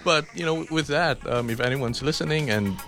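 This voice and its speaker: A man's voice: fairly high pitch, normal speed, fairly bright tone, faint music behind. A young man hosting a radio show, bantering casually, laughing often and repeating his words. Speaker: radio host. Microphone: studio microphone.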